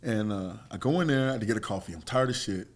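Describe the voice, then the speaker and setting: A man's voice: lowish voice, quick pace. A man in his forties, a former fighter, telling stories in casual chat with a blunt, profane manner. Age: 40s. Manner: blunt, profane, animated storyteller.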